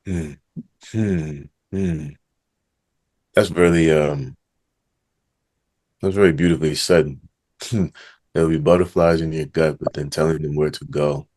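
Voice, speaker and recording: Podcast guest, male, deep voice, unhurried, reflective. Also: steady tone, darkish tone. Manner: slow, thoughtful, murmurs "hmm" before answering. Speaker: author and negotiation coach, podcast guest.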